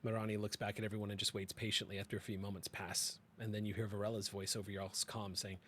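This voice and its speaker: A man's voice: on the low side, fast, few pauses, a little hiss or hum. A man narrating a science-fiction tabletop game as its game master. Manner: steady descriptive narration.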